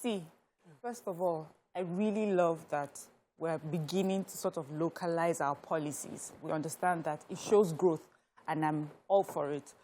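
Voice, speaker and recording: A woman on a TV studio panel, giving her opinions with animated restarts and mid-sentence corrections. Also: deep voice, moderate pace.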